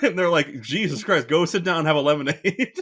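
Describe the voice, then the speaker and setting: A man's voice: fairly high pitch, expressive, fairly bright tone. A man co-hosting a podcast in casual chat, joking and laughing with his co-host. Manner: fast-talking, laughing banter.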